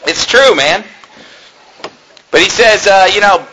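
High, lively emphatic male preacher. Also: moderate pace, long pauses, slight background noise, rough recording. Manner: emphatic, repetitive preaching cadence with sudden loud peaks. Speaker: pastor. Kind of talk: sermon.

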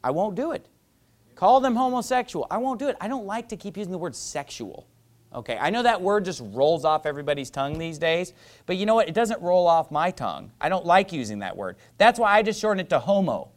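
A man's voice: high voice, very animated, quick pace. A male pastor preaching a sermon in an emphatic, mocking style that builds to rising fervor.

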